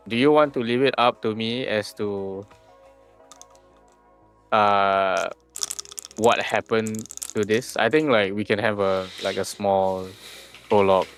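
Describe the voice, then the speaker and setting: A man's voice: on the low side, fairly bright tone. A man acting as game master in a casual tabletop session, musing aloud and humming filler syllables as he thinks.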